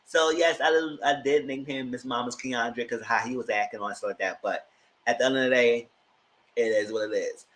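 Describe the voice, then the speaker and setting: A man giving a casual recap, switching to high-pitched exclamations when he acts out reactions. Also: fairly even intonation, normal speed, a bit bright, rough recording. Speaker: YouTube reviewer.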